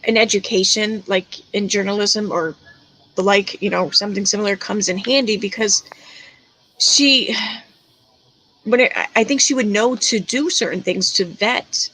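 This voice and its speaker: Chatty woman host on a stream, mid-pitch, laughs a lot between callers. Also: moderate pace, fairly bright tone, poor audio. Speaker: livestream host. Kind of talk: casual chat with callers.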